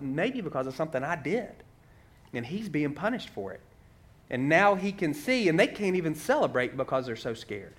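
A man's voice: on the high side, a bit bright. A man preaching a sermon in a conversational way, walking through a story and asking many rhetorical questions.

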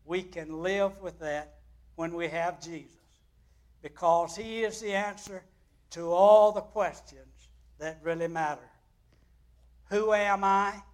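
A male pastor gives a sermon. He tells stories dramatically, swinging between loud and quiet. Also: high-pitched. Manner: dramatic storytelling with big swings in loudness.

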